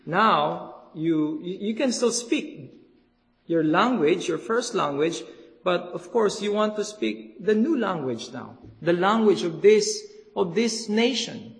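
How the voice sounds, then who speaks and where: A man preaching a sermon in an earnest, halting way, often repeating words for emphasis, in a church hall. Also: high voice, expressive, vocal fry. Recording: long hall reverb.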